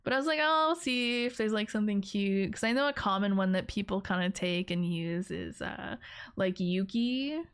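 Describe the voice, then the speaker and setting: A woman's voice: medium pitch, moderate pace, clean tone. A woman streaming live, chatting casually with her viewers in a rambling, giggly, playful way. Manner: playful teasing of her chat.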